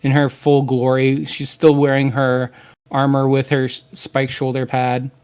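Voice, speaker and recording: A man's voice: mid-range voice, monotone, unhurried, a little mellow, clean tone. A man narrating as game master, hesitant and full of filler words.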